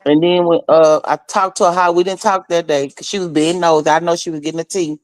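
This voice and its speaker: A woman with a fairly low voice tells stories in an animated, conversational way, jumping into other people's voices as she goes. The sound is dry and close, with no room echo. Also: brisk. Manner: animated storyteller, acts out quoted voices. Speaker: friend sharing memories. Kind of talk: casual conversation.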